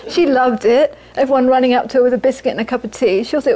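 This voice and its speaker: A woman with a high-pitched voice leads a Buddhist teaching session. She tells anecdotes, laughs easily, and repeats key phrases for emphasis. She speaks in the loose, conversational manner of a dharma talk given to a live audience. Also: animated, a little fast, a little mellow, rough recording.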